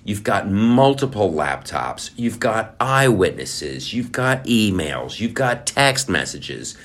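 A man's voice: lowish voice, big pitch swings, slow pace, fairly bright tone. A male podcast host in a casual political rant, profane and fired up.

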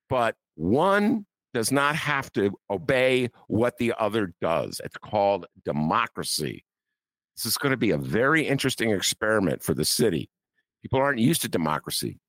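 A man's voice: medium pitch, a bit bright, dry recording. A man hosting a talk show, riffing with mock outrage and laughter. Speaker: podcast host. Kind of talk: casual political commentary.

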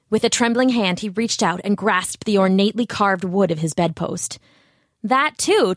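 A woman's voice: mid-range voice, no room sound, clean studio sound. A woman narrating a fairy tale steadily, with asides to the listener. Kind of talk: storybook narration.

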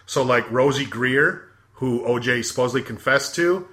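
A man's voice: mid-range voice, moderate pace, fairly bright tone. A man chatting casually, filling in background for listeners with many fillers and asides. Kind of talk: casual podcast chat.

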